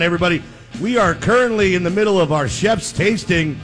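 A man hosting a live sports radio show from a restaurant, loud and joking. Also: high-pitched, brisk, music in the background. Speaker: radio host.

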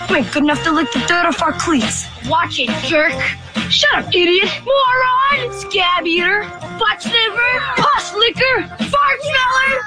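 A clip of a trash-talking kid hurling insults over music. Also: female voice, extremely high pitch, lively intonation, measured pace. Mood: taunting. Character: tough kid taunting a rival team.

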